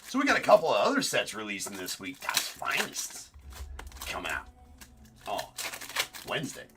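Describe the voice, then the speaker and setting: A man's voice: on the low side, huge pitch swings, normal speed, recorded from a distance, noisy background. A man hosting a livestream card break, chatty and opinionated as he calls out the cards.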